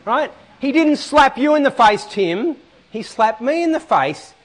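Guy preaching to his church, high voice, lots of back and forth with the crowd. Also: a little slow. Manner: animated, asks the room questions often. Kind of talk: sermon. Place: church hall with a band.

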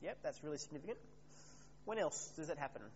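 A man preaches in a relaxed, conversational way, stopping to put questions to his listeners. His voice sits a little high. The recording has long hall reverb, a slightly muffled tone and a faint hum underneath. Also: fast talker. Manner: conversational, asks the congregation questions. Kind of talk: sermon.

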